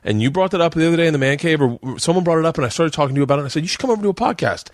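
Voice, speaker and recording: A man's voice: a little high, very fast, dry recording, clean studio sound. A man in his forties hosting a podcast, telling a story in casual chat and acting out quotes with raised voices. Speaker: podcast host.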